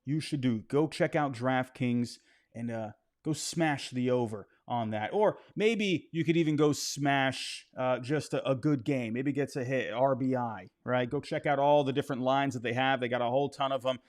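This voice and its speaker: A man talks through a baseball game in a loose, chatty way, full of fillers and restarts. His pitch sits in a middle range, and he goes on to pitch a bet. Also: moderate pace. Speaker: baseball recap host. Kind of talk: casual game recap and betting pitch.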